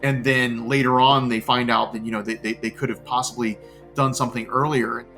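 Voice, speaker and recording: A middle-aged man from Florida speaks at an ordinary mid pitch. He tells his story earnestly, often repeating words as he gathers his thoughts. Soft music plays faintly underneath. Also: little pitch movement, fairly quick. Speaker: cancer patient interviewee. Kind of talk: interview storytelling.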